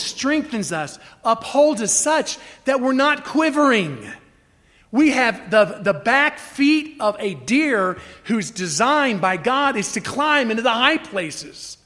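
High-voiced preaching man in a hall. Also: fairly bright tone. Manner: emphatic preaching with dramatic retellings. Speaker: pastor. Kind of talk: sermon.

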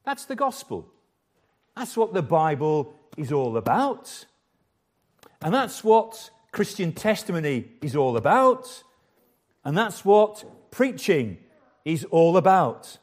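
A man's voice: on the high side, sing-song, slow. An older man preaching a sermon as the church's pastor, earnest and emphatic, repeating key phrases for weight.

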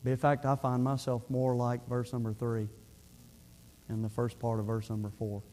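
A man's voice: mid-range voice, monotone, moderate pace, warm tone, slight background noise. A middle-aged male pastor preaching a sermon in an earnest, conversational way, often restarting his phrases.

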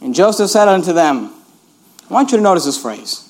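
A male pastor preaching a sermon in an animated, repetitive way, reading scripture and urging listeners to notice each point. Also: high-pitched, fairly quick.

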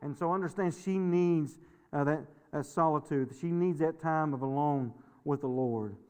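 A man's voice: fairly high pitch, moderate pace, a little mellow, clear, resonant tone. A middle-aged male pastor preaching a sermon in a folksy, storytelling way, repeating words and laughing often. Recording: long hall reverb.

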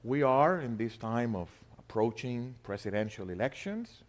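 A male preacher delivering a sermon with a mid-range voice and a very lively, rising-and-falling pitch. He shifts between loud, stretched-out emphasis and quiet, quick asides, posing rhetorical questions and answering them himself. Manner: rhetorical back-and-forth questions.

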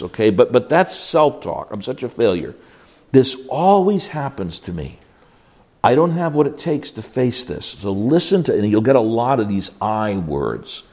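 An older man teaching a class on biblical counseling, folksy and emphatic, with frequent restarts. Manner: folksy, emphatic, with animated swoops in pitch and many restarts. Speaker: Bible teacher.

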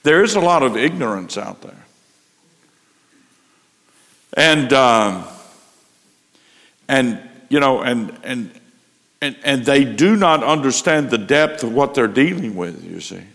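Slow gravelly preacher in a hall. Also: male voice, medium pitch, expressive, fairly bright tone. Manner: slow, emphatic preaching with rising intensity. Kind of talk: sermon. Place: church.

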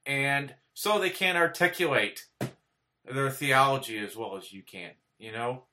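A man's voice: medium pitch, a little slow, pushed and bright, slight background noise. A man giving an informal sermon to camera, earnest and plainspoken, checking in with "okay?" and rising to emphatic repetitions. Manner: earnest, repeats "okay?" often, restarts, rises to emphatic peaks. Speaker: preacher. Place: indoors, speaking to camera.

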